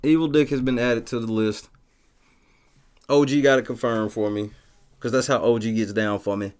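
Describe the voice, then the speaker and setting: A man hosting a casual livestream, talking profanely and telling stories with lively shouted bits as he reads the chat. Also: medium pitch, normal speed, clean tone. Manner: profane, animated storytelling with shouted quotes. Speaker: livestream host reading chat.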